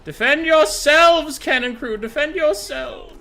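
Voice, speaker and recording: A man's voice: very high voice, measured pace, gravelly, pushed and bright, pitched above the performer's own voice, full character voice. A man voicing a pompous male human cannon captain in a hammy, melodramatic battlefield bellow. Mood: rallying, pompous.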